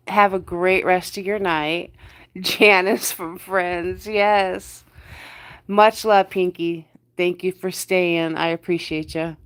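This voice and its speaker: A woman's voice: lowish voice, fairly even intonation, takes it slowly, a bit bright, clear, resonant tone. A woman with a New Jersey accent hosting a casual livestream from bed, chatting with viewers, greeting them by name and repeating her words. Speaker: livestream host. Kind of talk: casual live chat with viewers. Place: in bed under the covers.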